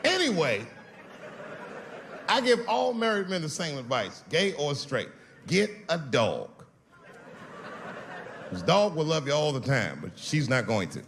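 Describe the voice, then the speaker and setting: Guy doing stand-up, lively up and down delivery, noisy live recording. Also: a little high, measured pace, pauses often. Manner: animated storytelling with bursts of shouting. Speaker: stand-up comedian. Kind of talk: stand-up routine.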